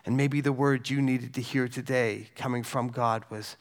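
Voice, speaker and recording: A man preaching a sermon, reading scripture slowly and softly, then talking conversationally and asking the congregation questions. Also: mid-range voice, fairly even intonation.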